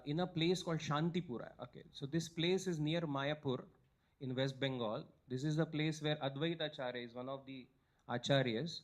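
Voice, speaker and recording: A man telling a devotional story at a weekly satsang, growing animated at the high points of the story.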